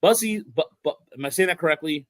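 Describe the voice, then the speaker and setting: A man's voice: a little high, fast, dry recording, low-quality recording. A man hosting a casual sports podcast, rambling through stories with lots of restarts and fillers. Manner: rambling, many restarts and fillers, excited storytelling. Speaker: podcast host.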